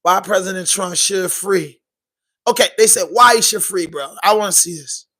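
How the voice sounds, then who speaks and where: A man's voice: high voice, normal speed, bright, forceful tone, no echo. A man with a Baltimore accent hosting a podcast livestream from his basement, ranting casually, cussing and begging viewers for likes. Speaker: podcast host.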